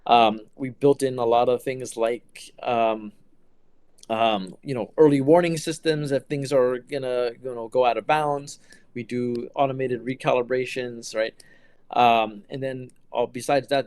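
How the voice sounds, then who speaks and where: A man's voice: medium pitch, steady tone, moderate pace, a little mellow, smooth, dry recording. A middle-aged man answering interview questions about his engineering work in a casual, hesitant way with many fillers and restarts. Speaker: quantum computing engineer.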